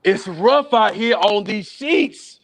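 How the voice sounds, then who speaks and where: Spoken word poet, high rhythmic voice. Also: male voice, animated, slow, vocal fry. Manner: rhythmic, playful wordplay, swings from low murmurs to raised shouts. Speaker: open mic poet. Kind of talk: spoken word poetry performance. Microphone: video call.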